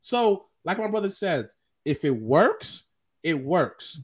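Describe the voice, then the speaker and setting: A man hosting a wrestling podcast, talking in an animated, casual way and laughing often. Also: fairly high pitch, slow, husky. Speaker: podcast host. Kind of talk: casual chat.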